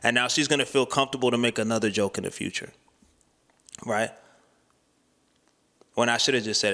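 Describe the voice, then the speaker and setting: Brief: candid male vlogger, bright tone, rambling slangy delivery, long reverb around him. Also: fairly low pitch, a little fast, long pauses. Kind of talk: casual talking-to-camera vlog.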